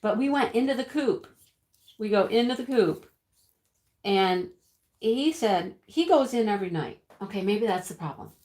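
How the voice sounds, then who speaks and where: A woman's voice: mid-range voice, expressive, moderate pace, a little mellow, lightly acted. An actress playing a chatty middle-aged woman who tells viewers a dramatic rooster story in a breathless, giggling way. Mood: animated. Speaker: livestream storyteller. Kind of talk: sketch comedy monologue to viewers. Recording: roomy echo.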